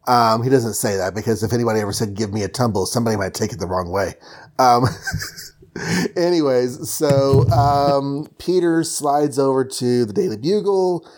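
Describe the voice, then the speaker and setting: A man's voice: mid-range voice, normal speed, a little mellow. Man rambling through a comic recap. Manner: rambling, joking, many fillers. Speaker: podcast host recapping comics.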